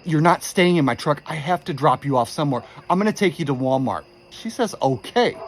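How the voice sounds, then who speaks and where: A man telling a creepy true story in a casual, animated way, quoting the people in it with exasperation. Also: on the high side, a little hiss or hum. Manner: animated, exasperated retelling with quoted dialogue.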